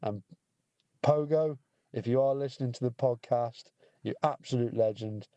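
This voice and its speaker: British man, mid-pitched, dry sound, laddish sweary army banter. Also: normal speed, dark tone, no room sound, highs cut off. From United Kingdom. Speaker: podcast co-host, army veteran. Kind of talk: casual chat.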